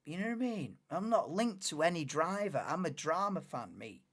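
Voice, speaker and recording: A young woman hosting a live watchalong stream, chatting in a rambling, excitable way and laughing often. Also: fairly low pitch, normal speed. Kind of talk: casual live watchalong chat.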